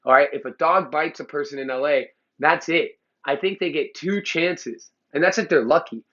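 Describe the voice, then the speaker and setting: A man's voice: on the high side, normal speed, fairly bright tone, highs cut off. A man who trains dogs, lecturing bluntly to the camera in a heated, profane way. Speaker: dog trainer. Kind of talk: blunt opinionated talk to camera. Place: Los Angeles.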